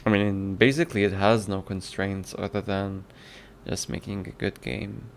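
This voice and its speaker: A man streams his game development work and chats casually with viewers, musing aloud, reading their comments from chat, and toying with mock accents. His fairly low voice barely moves in pitch, with vocal fry, normal speed, and few pauses. Slight background noise sits under this casual livestream talk.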